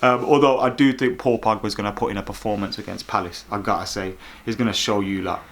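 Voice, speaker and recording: A man's voice: lowish voice, steady tone, fast, a bit bright. Sarcastic football vlogger, man. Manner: exasperated, sarcastic ranting. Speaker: football fan vlogger host. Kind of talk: opinionated fan commentary.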